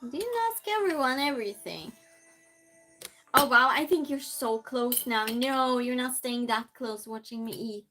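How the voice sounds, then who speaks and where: A woman's voice: fairly high pitch, measured pace, sharp tone, a little hiss or hum, low-quality recording. A woman chatting casually with her live-stream viewers and answering their messages as she moves things around her small space. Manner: chatty, reads and answers chat while moving things around.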